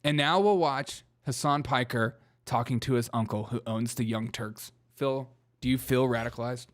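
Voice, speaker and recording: A man's voice: mid-range voice, normal speed. Male stream host, casual reaction commentary, dry humor, laughs a lot. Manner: wry, joking, laughs often.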